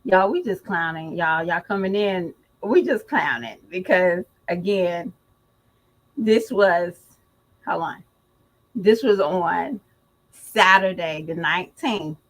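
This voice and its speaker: A woman's voice: lowish voice, animated, slow, poor audio. A woman vlogger giving casual gossip commentary, slangy and emphatic, who laughs often as she talks.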